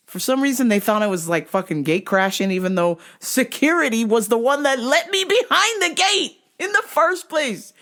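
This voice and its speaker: A podcast host telling a comic rant about a run-in with security, profane and exasperated, rising to yells. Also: medium pitch, lively intonation, moderate pace. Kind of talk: comedic storytelling rant.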